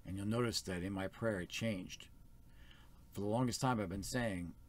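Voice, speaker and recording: A man's voice: sits low, steady tone, normal speed, slight background noise. A man speaking as first elder of a small church, giving an earnest, plain-spoken sermon.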